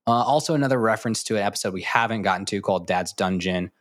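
A man's voice: fairly low pitch, racing, fairly bright tone, dry recording, clean studio sound. A man co-hosting a podcast in casual chat, rambling through a list of trivia with many fillers. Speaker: podcast co-host.

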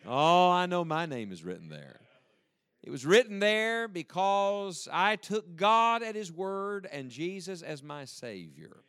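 A man's voice: a little high, a bit bright, smooth, no echo. A man preaching a sermon with emphasis and joking asides, leading the congregation to read aloud with him. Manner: leads the congregation in reading aloud. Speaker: pastor.

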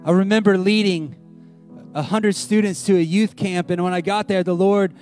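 A young man preaching a sermon as pastor, animated, swinging between loud emphasis and hushed, intimate lines. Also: sits high, moderate pace, soft background music.

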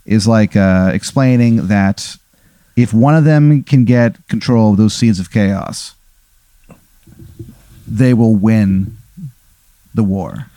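A man's voice: fairly low pitch, slow pace, long pauses, mellow, no room sound. A man hosting a comedy podcast, spinning a rambling, playful hypothetical story full of fillers.

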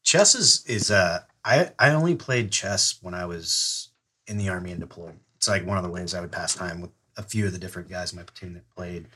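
A man's voice: low-pitched, fairly quick, pushed and bright, husky. A man, an army veteran and podcast guest, talking bluntly in casual chat with many restarts. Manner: blunt, swears, hesitant restarts.

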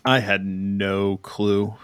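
A man's voice: fairly low pitch, level tone, extremely slow, heavy background noise. A man who is a regular trivia host, making matter-of-fact remarks about the questions.

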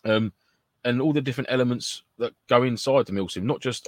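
A man's voice: mid-range voice, brisk, no room sound. A British man co-hosting a casual podcast, rambling with lots of fillers and sound effects. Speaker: podcast co-host. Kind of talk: casual chat.

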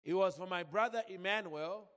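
With a high-pitched, slightly bright voice at normal speed, a preacher from Zambia shares an emotional personal story, echoing in a large space. He keeps calling out to the congregation as he speaks.

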